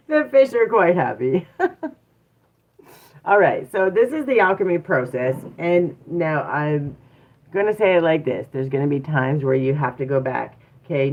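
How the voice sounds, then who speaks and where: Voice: mid-range voice, creaky. A personal growth coach giving a casual live-streamed teaching talk, earnest and repetitive, with lots of fillers and asides to viewers. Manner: earnest, repeats points, many fillers, chats with viewers. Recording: tinny phone-like sound.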